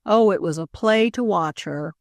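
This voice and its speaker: A woman's voice: mid-range voice, moderate pace, no echo. Dry, close woman audiobook narrator. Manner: expressive, wry first-person storytelling.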